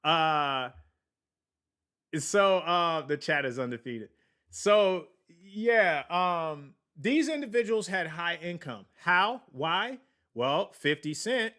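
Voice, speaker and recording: Male podcast host, slow and rambling, a bit high-voiced, talks money with a live chat. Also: expressive, bright, forceful tone. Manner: rambling, digressive, laughs at himself; slow, drawn-out delivery with many fillers. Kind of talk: casual finance talk on a livestream.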